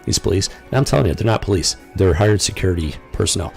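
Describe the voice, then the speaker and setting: Low gravelly man rambling on stream. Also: animated, quick pace, darkish tone, soft background music. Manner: rambling, incredulous, with frequent fillers and laughs. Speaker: podcast host. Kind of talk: casual live-stream commentary.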